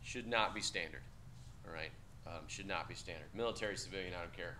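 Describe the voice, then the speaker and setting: A man's voice: low-pitched, a little fast, background noise. A man teaching a class, talking bluntly and casually with profanity, quizzing students in a discussion. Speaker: instructor.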